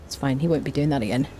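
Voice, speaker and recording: A woman streaming a survival game, chatting casually to viewers and humming little tunes as she plays, excitable and quick to jump up in pitch. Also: slight background noise. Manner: chatty, hums and sings little tunes while playing; excitable, jumps high in pitch. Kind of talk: casual gameplay commentary.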